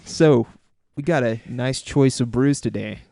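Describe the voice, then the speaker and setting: A man's voice: mid-range voice, unhurried, a little mellow, dry recording. A young man co-hosting a casual podcast chat, teasing in a dry, wry way. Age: young adult. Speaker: podcast co-host.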